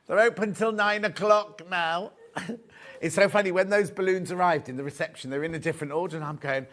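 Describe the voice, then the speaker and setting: A man's voice: fairly high pitch, a little fast, fairly bright tone. A man presenting a live shopping show, chatty and gushing, repeating his phrases as he shows off fabrics. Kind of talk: live sales chat.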